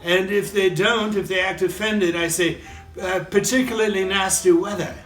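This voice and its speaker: A man voicing a distinguished English gentleman in a joke, talking in a suave, slightly raised voice. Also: sits high, steady tone, normal speed, echoey room, soft background music, voice pushed up. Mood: sly.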